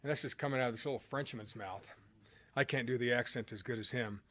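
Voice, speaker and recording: A man's voice: mid-range voice, fast talker, fairly bright tone. A middle-aged man telling a motivational personal story in a casual, rambling way, with fillers and restarts. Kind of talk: motivational anecdote told conversationally.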